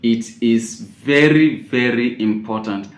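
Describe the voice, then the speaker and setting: A male exam-prep teacher talks through test tips with firm emphasis, often repeating himself and leaping up in loudness on key words. His voice sits at an ordinary middle pitch. The room around him is noticeably roomy and echoing. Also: takes it slowly, a little hiss or hum. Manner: emphatic, repeats key points, sudden loud stresses. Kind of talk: spoken tips lesson. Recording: roomy echo.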